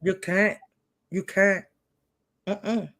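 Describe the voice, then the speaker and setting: A woman on a livestream chat who talks in an animated, preachy and emphatic way, with a faint hiss of background noise. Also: mid-range voice, very slow. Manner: animated, preachy and emphatic, says she feels hyper.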